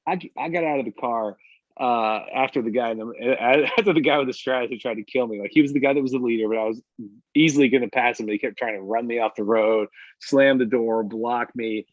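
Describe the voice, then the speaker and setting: A man on a podcast telling a casual story, animated and quick to act out what other people said. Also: medium pitch, dry recording. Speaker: podcast co-host. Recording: dull lo-fi podcast audio.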